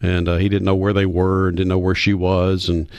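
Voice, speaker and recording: A man's voice: low voice, brisk, dry recording. A man, a radio guest telling folksy stories. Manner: anecdotal, folksy, animated when quoting others. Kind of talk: storytelling interview.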